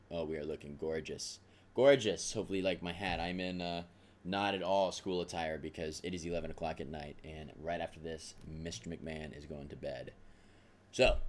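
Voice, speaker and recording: A man teaching a math lesson, talking through the steps aloud in a casual, self-deprecating way. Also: low-pitched. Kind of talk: recorded math lesson at a whiteboard.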